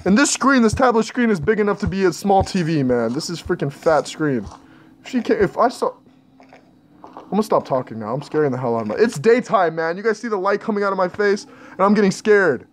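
A man's voice: high voice, lively intonation, fairly quick, a little hiss or hum. A young man commenting on a horror game he is playing, jittery and panicky as he talks to his viewers. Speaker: gaming channel host. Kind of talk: scared horror gameplay commentary.

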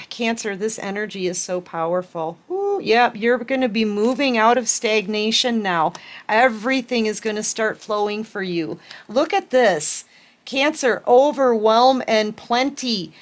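A woman giving a collective tarot reading, gushing and excitable, speaking warmly and directly to her viewers with frequent laughs. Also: mid-range voice. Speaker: tarot reader.

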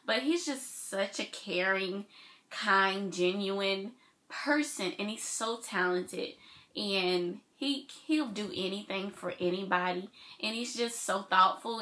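Young woman vlogging, gushy and chatty, bright voice, lots of "like". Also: mid-range voice. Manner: gushing and chatty, says "like" often. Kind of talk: casual chat.

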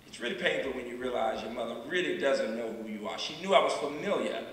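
A man in his sixties, a university president giving a public lecture, telling stories with dramatic pauses and repeated refrains. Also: medium pitch, animated, a bit bright. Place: large lecture hall. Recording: echoey hall from far off.

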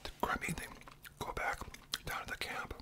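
In a hushed ASMR whisper, a man in his sixties works through a long story at a moderate pace. The telling meanders, sprinkled with tag questions.

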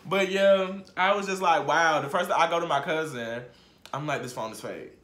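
A man vlogging a storytime in casual slang, swinging from muttered asides to shouted outbursts. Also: fairly high pitch, normal speed. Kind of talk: storytime vlog. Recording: roomy echo.

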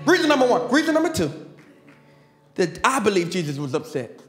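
A man preaching a sermon in a large church, joking with the congregation and building to shouted call-and-response. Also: high voice, very animated, fairly quick. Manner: folksy, joking asides. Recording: echoey church hall with faint music.

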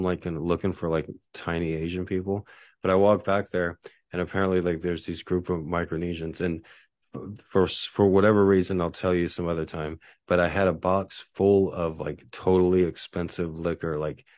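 Deep-voiced man rambling through a story. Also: darkish tone, dry recording, clean studio sound. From Texas. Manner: rambling, filler-heavy, many restarts. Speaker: writer telling a story. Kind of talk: casual spoken storytelling.

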